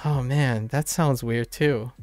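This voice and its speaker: A man's voice: medium pitch, takes it slowly, darkish tone, dry recording. A man streaming a casual lesson on Japanese sounds, rambling, correcting himself and laughing often. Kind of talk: casual live-stream explanation.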